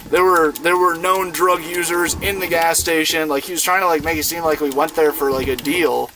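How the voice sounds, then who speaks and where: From inside a van, a man in his twenties from Iowa, USA streams a game and tells a rambling, profane story in casual chat, laid-back and heavy on fillers; he's a gaming streamer. His voice is on the high side with fairly even intonation at a moderate pace, and there's background noise.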